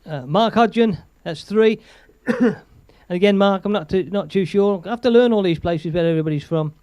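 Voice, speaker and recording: A man chats loosely on his live stream, laughing often and reading viewer messages aloud. His voice sits high for a man. The sound is dry and close, with no room around it. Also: moderate pace, a little mellow, smooth, no echo. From England. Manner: chatty, rambling, laughs often, reads viewer comments aloud. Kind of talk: casual live-stream chat.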